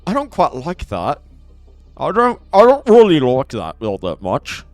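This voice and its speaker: A young man streaming a game live, chatting to his viewers in an excitable, playful way. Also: a little high, measured pace, no room sound, faint music behind. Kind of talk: live game commentary with chat.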